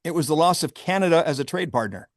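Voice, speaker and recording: A man's voice: on the high side, expressive, fast talker, no echo, studio quality. A man who owns a vineyard, talking candidly and with wry humor in a casual interview, often laughing. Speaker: vineyard owner and grape grower.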